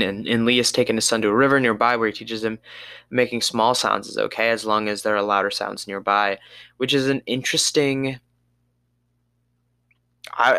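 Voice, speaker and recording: A man with a low, gravelly voice walks through a movie plot for a podcast. His casual recap rambles, and he sometimes loses his place. The recording is dry and close. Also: bright, forceful tone, dry recording. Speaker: podcast co-host.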